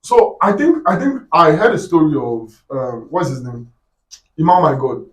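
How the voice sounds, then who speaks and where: A man's voice: on the high side, sing-song, normal speed, reverberant. A man with a Nigerian accent hosting a casual podcast chat, probing his guests with questions. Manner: probing, keeps asking questions.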